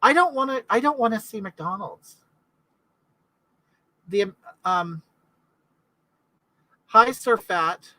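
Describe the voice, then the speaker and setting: A woman's voice: mid-range voice, animated, takes it slowly, long pauses, bright, forceful tone, no room sound, rough recording. A middle-aged woman from California, hosting a casual live chat in a rambling way and answering viewers' comments. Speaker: livestream host.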